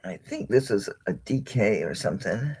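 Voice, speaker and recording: A woman's voice: very deep voice, sing-song, normal speed, darkish tone, husky. A drowsy, yawning woman selling jewelry on a live stream at home, chatting casually and greeting viewers by name. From United States. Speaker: jewelry livestream seller. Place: home, indoors.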